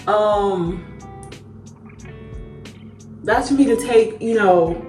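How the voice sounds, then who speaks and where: A young woman vlogging a story while doing her makeup, animated and swearing freely, calling her viewers y'all. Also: medium pitch, drawn-out words, long pauses, far from the mic. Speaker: beauty vlogger. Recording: roomy echo, voice a bit off-mic, faint music behind.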